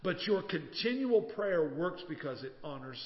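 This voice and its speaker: A man's voice: on the high side, very animated, moderate pace. Storytelling male preacher in a reverberant hall. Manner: storytelling preacher, acts out quoted voices. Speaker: pastor. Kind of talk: sermon. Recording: dull sound with long reverb.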